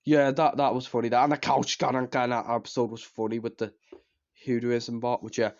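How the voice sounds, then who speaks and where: A man rambles through a casual review of a show he loves, circling back to the same points and letting sentences trail off. His voice sits at an ordinary middle pitch. The recording is slightly dull and lo-fi. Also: flat delivery, moderate pace, a little mellow. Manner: rambling, repeats himself, trails off with "which, yeah".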